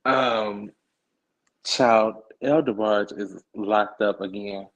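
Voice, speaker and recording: Podcast host: sassy, chatty man, low voice, muffled lo-fi stream sound. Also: steady tone, drawn-out words. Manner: sassy, chatty, slangy asides. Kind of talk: casual livestream chat. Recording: dull lo-fi stream audio.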